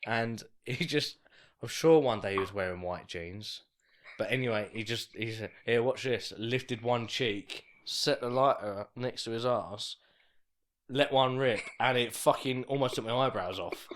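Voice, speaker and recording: A man's voice: medium pitch, unhurried, a little hiss or hum. A man co-hosting a podcast, chatting casually and jokingly with friends. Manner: lively, jokey interjections. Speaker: podcast co-host. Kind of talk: casual pub chat.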